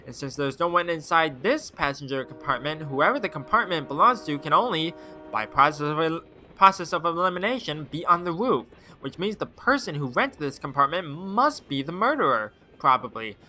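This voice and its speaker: A streamer reading a game's narration aloud and tossing in wry, deadpan asides. His voice is a touch high and swings in a lively way. The tone is very bright and forceful. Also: moderate pace, slight background noise.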